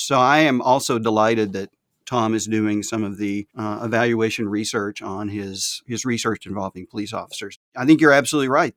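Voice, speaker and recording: A man with a Southern US accent co-hosting an academic podcast, explaining research in a measured way. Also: on the low side, fairly bright tone, dry recording, studio quality. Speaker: podcast co-host. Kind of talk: academic discussion.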